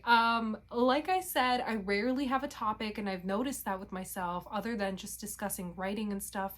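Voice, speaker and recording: A woman's voice: medium pitch, fairly bright tone. A young woman vlogging in casual chat, rambling and interrupting herself, with casual swearing.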